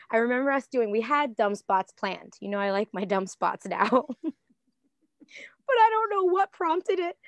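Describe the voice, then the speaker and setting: Giggly woman with a gravelly edge. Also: mid-range voice, no room sound. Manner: giggly, animated storyteller acting out quotes. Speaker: guest, professional wrestler. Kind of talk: casual podcast chat.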